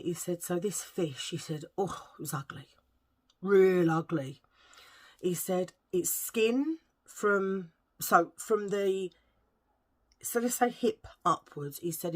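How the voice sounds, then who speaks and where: A middle-aged woman vlogger rambles through a story in a casual chat, searching for words and eating while she talks. Her voice is fairly low and her pace slow.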